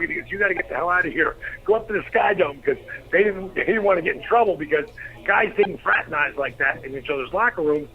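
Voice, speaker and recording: A middle-aged man, a former pro wrestler, telling profane, animated anecdotes as an interview guest. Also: a little high, a little hiss or hum. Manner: profane, animated storyteller acting out quotes. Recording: slightly dull lo-fi recording.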